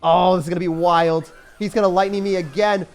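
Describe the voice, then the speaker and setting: A man giving casual, excitable live commentary on his own gameplay, using slang and laughing often. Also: sits high, a little fast, soft background music. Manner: excitable, swings from mutters to shouts. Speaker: gaming commentator.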